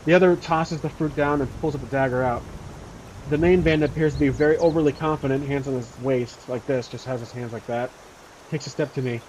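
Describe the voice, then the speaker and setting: A man's voice: medium pitch, steady tone, brisk, darkish tone, a little hiss or hum, low-quality recording. A man narrating his solo tabletop role-playing game in a casual, rambling way with many fillers.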